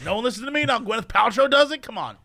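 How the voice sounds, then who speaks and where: A man co-hosting a podcast, ranting and telling stories in an animated casual chat. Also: extremely high pitch, very fast, gravelly, dry recording, studio quality. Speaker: podcast co-host.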